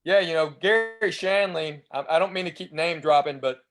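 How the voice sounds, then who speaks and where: Man, fifties, Southern accent, slightly raised pitch, chatty storyteller, clear enunciation. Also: normal speed, fairly bright tone. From East Tennessee, US. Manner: chatty anecdotes with restarts, enunciated drawl. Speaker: guest comedian. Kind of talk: casual storytelling interview.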